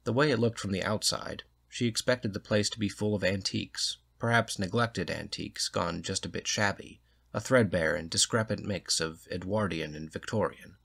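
A man reading a short story aloud in a measured, steady way. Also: on the low side, gravelly, husky. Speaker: narrator.

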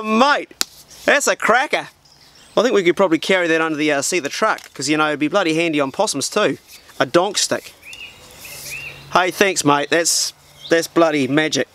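A fairly high, fairly bright male voice with a New Zealand accent talks at a moderate pace, with a little background noise. He's a vlogger unboxing parcels at an old farmhouse, keeping the chat loose and full of Kiwi slang.

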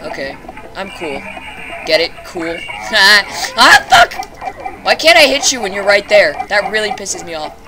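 A woman's voice: mid-range voice, big pitch swings, measured pace, music in the background, poor audio. A young woman commenting on a game she is playing. She curses often and shrieks in panic at enemies. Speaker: let's play gamer. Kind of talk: casual gameplay commentary.

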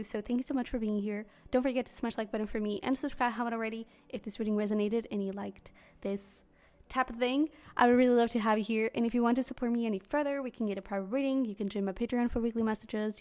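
A young woman giving a casual, rambling tarot reading to camera, bubbly and quick to laugh. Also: fairly high pitch, darkish tone. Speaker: tarot reader.

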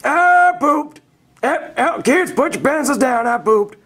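A man's voice: extremely high pitch, animated, slow, a bit bright, exaggerated voice. A man voicing a cranky old male schoolteacher who barks crude orders at his class. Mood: rambling. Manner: crabby, crude, barking orders. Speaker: puppet comedy actor.

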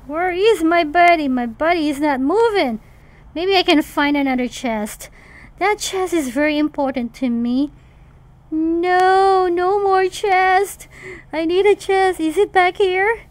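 High-voiced playful gaming mom. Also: female voice. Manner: playful, excitable, chatters to game characters. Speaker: mom gaming channel host. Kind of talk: casual gameplay commentary.

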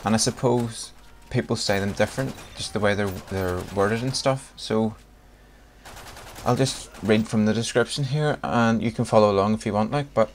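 A young Northern Irish vlogger with a Northern Irish accent chats casually for a video and reads a word list aloud one word at a time, laughing between lines. His voice is lowish at a moderate pace, with a little hiss or hum.

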